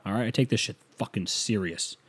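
A man's voice: lowish voice, brisk, fairly bright tone, breathy edge. A man delivering a profane, sarcastic comedic rant as a solo monologue.

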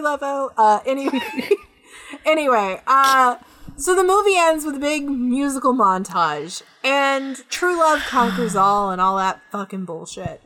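A woman's voice: a little high, a little hiss or hum. A woman co-hosting a podcast, ranting about a movie in casual chat and swearing freely. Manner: animated, profane ranting. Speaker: podcast co-host.

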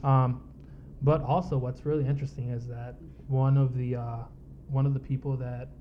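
A man chats casually on a podcast, often hesitating and losing his thread. His pitch sits mid-range. The sound is a bit dull, with faint room ambience. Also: flat delivery, moderate pace, slight background noise. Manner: casual, hesitant, trails off with fillers. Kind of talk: casual chat.

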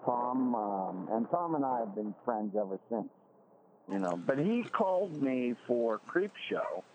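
An older man, a guest actor in a casual interview, speaking slowly and haltingly with many fillers. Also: mid-range voice, very animated. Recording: dull lo-fi audio with faint background hiss.

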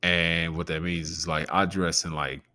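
A man with a gravelly growl in his voice, hosting a podcast in a loose, rambling and profane casual chat. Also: sits low, level tone, normal speed, bright, forceful tone. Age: adult with a preteen nephew. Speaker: podcast host.

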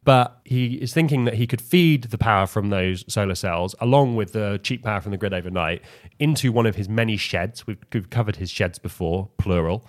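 A man from England co-hosting a casual podcast, with a fairly low voice. He talks in a wry, chatty manner, often restarting sentences and filling pauses. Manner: chatty, wry, full of restarts and hedging fillers. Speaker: podcast co-host. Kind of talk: casual chat.

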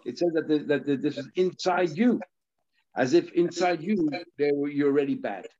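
A man teaching a Talmud lesson, explaining step by step with halting restarts and short stories. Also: fairly high pitch, dark tone, dull audio.

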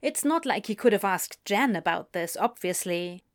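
A woman reading a story aloud as narrator, expressive and unhurried. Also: medium pitch. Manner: slow, expressive storytelling with lively inflection. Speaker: reader.

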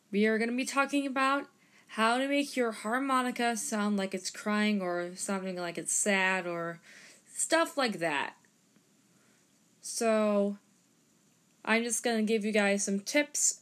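Slow-talking woman teaching harmonica. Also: mid-range voice, fairly bright tone. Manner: unhurried, explains step by step with demonstrations. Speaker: harmonica teacher and podcast host. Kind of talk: casual instructional talk.

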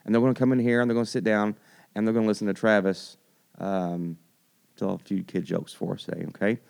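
A man's voice: fairly low pitch, level tone, quick pace, gravelly, darkish tone, smooth. A man hosting a kids' church segment in an upbeat, casual way, stretching words for emphasis and repeating himself as he goes.

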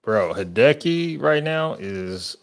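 A man's voice: mid-range voice, very animated, takes it slowly. A man co-hosting a podcast, laid-back and slangy in casual banter. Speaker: podcast co-host. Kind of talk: casual chat.

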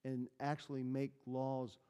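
Unhurried and monotone, this pastor's medium-pitched voice is warm and clean. He preaches a conversational sermon in an echoey church hall, telling stories and asking the room questions.

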